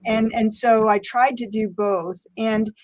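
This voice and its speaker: A woman's voice: fairly high pitch, fairly even intonation, measured pace, a little mellow. An older woman from the United States, a guest in an interview, reflecting and telling stories, laughing often and acting out quoted voices. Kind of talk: conversational interview storytelling.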